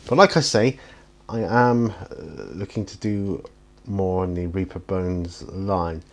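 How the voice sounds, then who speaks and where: Man, very low voice, tired, rambling hobby chat, yawns, self-deprecating. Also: steady tone, takes it slowly. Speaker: hobby painting vlogger. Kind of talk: casual chat while painting miniatures. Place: home hobby studio.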